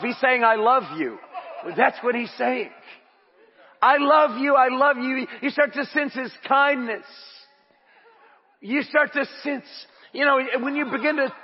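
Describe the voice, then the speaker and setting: Male pastor, husky and high, fervent sermon delivery, muffled reverberant church sound. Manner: impassioned, rising to shouts. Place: church sanctuary.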